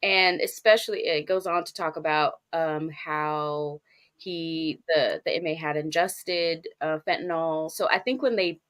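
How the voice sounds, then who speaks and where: Woman co-host, lower voice, loose news read with hesitations. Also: unhurried. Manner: relaxed, hesitant, many ums. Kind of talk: casual news discussion.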